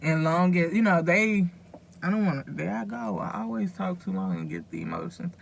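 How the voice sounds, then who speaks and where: Woman vlogger with a gravelly, creaky voice; casual, earnest, rambling address to camera. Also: fairly low pitch, very animated, normal speed, a little hiss or hum. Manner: earnest, rambling, advice-giving to viewers. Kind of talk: casual direct-to-camera talk.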